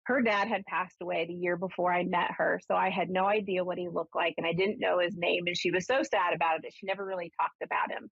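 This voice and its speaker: A woman who is a spiritualist minister and medium, telling her story in a chatty, animated way and then giving a caller a reading on a live show. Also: fairly low pitch, quick pace, vocal fry, hardly any pauses, breathy edge, no echo. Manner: chatty storyteller, animated when quoting herself. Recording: dull lo-fi broadcast audio.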